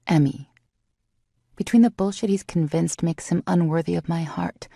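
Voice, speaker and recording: A woman narrating a first-person romance audiobook in a calm, reflective way. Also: sits low, creaky, no room sound, clean studio sound.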